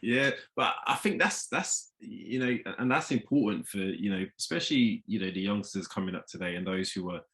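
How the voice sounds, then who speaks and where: A man's voice: lowish voice, expressive, moderate pace, few pauses, fairly bright tone. A man hosting an interview, asking long rambling questions full of fillers. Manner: rambling with many "you know" fillers. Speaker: host. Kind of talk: podcast interview.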